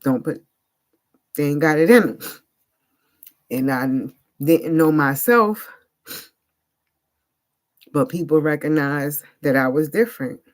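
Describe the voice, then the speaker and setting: A female vlogger with a low voice speaks slowly, leaving long pauses as she recounts something from her life. She's casual and emphatic, using slang and filling gaps with "like."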